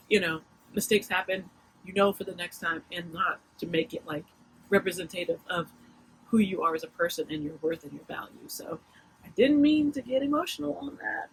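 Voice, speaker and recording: Emotional, halting woman vlogger. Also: mid-range voice, fairly bright tone, a little hiss or hum, poor audio. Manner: emotional, halting, with many restarts. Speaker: vlogger mom. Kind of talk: casual confessional vlog talk.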